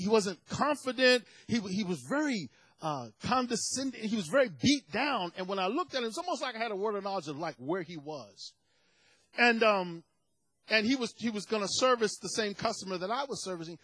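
Male preacher, high husky voice, builds to impassioned shouting. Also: no echo, poor audio. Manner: rises to shouted, fervent preaching. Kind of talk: sermon.

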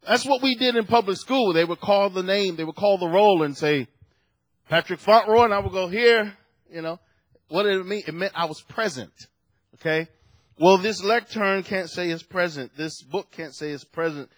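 A man's voice: on the high side, no room sound. A man preaching a sermon at a lectern to a congregation, telling stories with animation and acting out the voices in his quotes.

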